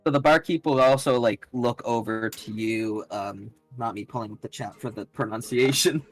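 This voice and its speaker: A man's voice: medium pitch, moderate pace, no room sound, soft background music, low-quality recording. A man narrating as game master in a tabletop game, casual and hesitant with fillers.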